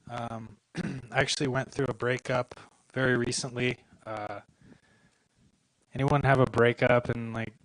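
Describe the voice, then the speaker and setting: A man doing a stand-up set at a comedy club with a low-key, mumbly delivery. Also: no room sound, rough recording.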